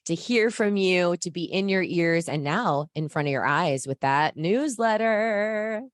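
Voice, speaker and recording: A woman's voice: on the low side, expressive, measured pace, no echo, studio quality. A woman hosting a podcast in a casual, upbeat and playful manner. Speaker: podcast host. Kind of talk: casual chat.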